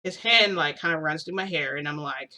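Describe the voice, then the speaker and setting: A woman's voice: low-pitched, brisk, bright, forceful tone. A young woman vlogger telling a long personal story in a casual, rambling way, full of "like" and restarts. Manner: rambling, heavy use of "like", frequent restarts.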